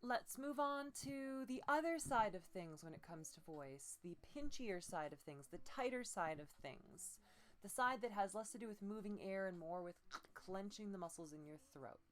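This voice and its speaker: A woman's voice: mid-range voice, expressive, moderate pace. A woman voice coach giving a streamed voice-training lesson in a subdued, patient way. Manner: subdued, patient instruction broken by demonstrated croaks and pinched tones. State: low energy.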